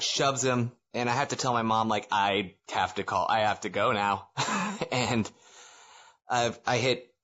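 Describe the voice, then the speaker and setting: Male podcast co-host, mid-pitched, loose rambling delivery full of fillers, chuckles at his own story. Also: a bit bright. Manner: rambling, filler-heavy, laughs at himself. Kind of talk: casual storytelling chat. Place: living in Japan.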